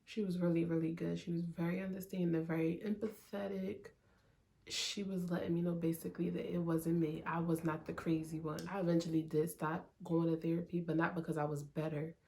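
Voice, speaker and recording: Candid young woman with a gravelly voice. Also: lowish voice, flat delivery, brisk, warm tone. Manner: candid, conversational, lots of "like" and "um". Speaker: vlogger. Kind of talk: candid personal vlog talk. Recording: faint music underneath.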